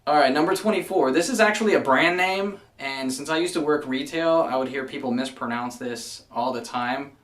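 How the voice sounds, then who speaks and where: A man's voice: medium pitch, normal speed, few pauses, fairly bright tone. Chatty man in an echoey room. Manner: chatty, wry, fond of mild exasperation. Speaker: vlogger. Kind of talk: casual list video. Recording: echoey room, somewhat far from mic.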